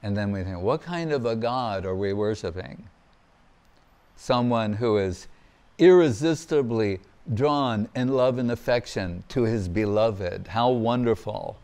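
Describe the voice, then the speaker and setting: A man giving a devotional lecture as a monk, telling scripture stories in an animated way and acting out the quotes. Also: on the low side, a little slow, clear, resonant tone. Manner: animated storyteller, acts out quotes with laughter. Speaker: monk giving a spiritual discourse.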